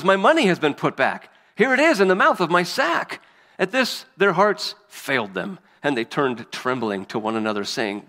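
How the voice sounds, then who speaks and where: A man of middle pitch reads scripture and preaches, earnest and emphatic, lifting his voice where the text turns to speech. The sound carries a long reverb, as if filling a large hall. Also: a bit bright. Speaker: pastor. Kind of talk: scripture reading and sermon.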